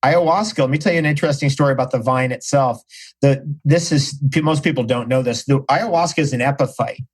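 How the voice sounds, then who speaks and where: A man's voice: mid-range voice, fast, husky, rough recording. A middle-aged man, a podcast guest, telling stories in casual conversation with enthusiasm and slang.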